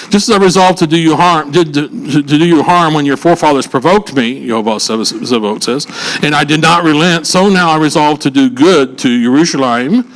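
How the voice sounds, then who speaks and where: Guy reading bible verses to a group, stops to joke and explain, kinda higher voice. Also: poor audio. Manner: reads verses aloud with casual asides to the audience; conversational, jokes with listeners. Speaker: Bible teacher. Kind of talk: scripture teaching session.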